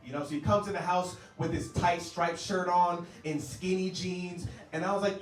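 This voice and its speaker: Brash comedian with a high voice. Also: male voice, fairly even intonation, moderate pace, few pauses. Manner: brash, joking, works the crowd. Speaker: stand-up comedian. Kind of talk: stand-up set. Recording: roomy club sound, distant mic.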